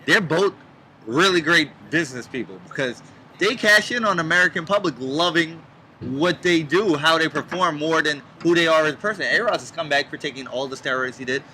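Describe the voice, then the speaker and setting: A man's voice: a little high, brisk, bright, forceful tone, a little hiss or hum, poor audio. A man giving blunt, opinionated remarks in a casual chat outdoors in a backyard. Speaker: podcast co-host.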